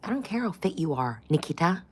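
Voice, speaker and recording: A woman's voice: a bass voice, lively intonation, moderate pace, gravelly, a little mellow, a little hiss or hum. A middle-aged woman vlogging in casual chat, blunt, profane and opinionated.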